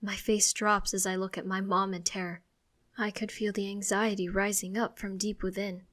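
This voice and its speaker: A woman narrating a first-person audiobook in an expressive, conversational way. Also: medium pitch, moderate pace.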